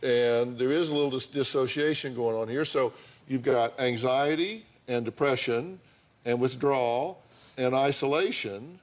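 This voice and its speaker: A man's voice: mid-range voice, unhurried. A man, a talk show host counseling a couple bluntly and sarcastically in front of a studio audience.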